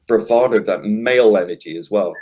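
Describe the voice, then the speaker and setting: A man with a lowish voice holds forth in a relaxed chat. He stumbles over his words and restarts often, yet his opinions come out firm. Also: a little fast. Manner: hesitant, many restarts and fillers, opinionated. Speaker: podcast host. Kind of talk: casual chat.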